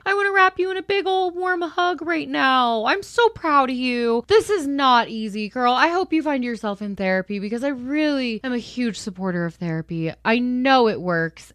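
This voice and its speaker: A woman's voice: fairly high pitch, fairly bright tone, clean tone, no room sound, clean studio sound. A young woman hosting a show, reading online stories aloud and reacting to them in an emphatic, chatty way, speaking straight to the viewer. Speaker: host.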